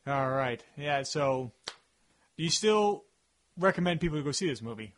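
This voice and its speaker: A man with a high, bright voice hosts a casual podcast. He jokes and jumps in with quick remarks. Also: animated. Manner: jokey, quick interjections. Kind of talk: casual chat.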